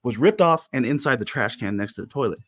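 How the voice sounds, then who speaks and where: A man in his forties telling a story in casual chat, animated and acting out the voices of the people in it. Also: mid-range voice, fast, no room sound, clean studio sound. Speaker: podcast co-host.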